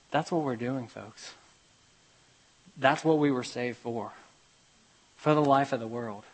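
Guy preaching a sermon, gets loud and pushy then goes real quiet telling a story. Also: on the high side, poor audio. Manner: reads scripture aloud and tells a parable with kid voices. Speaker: pastor.

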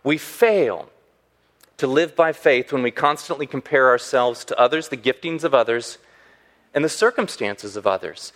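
A man preaching a sermon as a pastor, animated and acting out the voices he quotes. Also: medium pitch, normal speed.

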